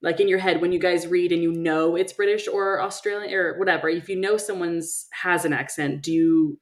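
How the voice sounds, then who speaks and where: A woman's voice: lowish voice, steady tone, normal speed. A woman co-hosting a book podcast, chatting casually and often restarting her thoughts mid-sentence. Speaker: podcast co-host.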